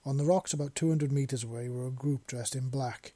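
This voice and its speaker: Brief: male storyteller, dark husky voice, dry close sound. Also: mid-range voice, fairly quick, hardly any pauses, no room sound. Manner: plain steady reading with small slips. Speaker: narrator. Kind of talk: reading fan fiction aloud.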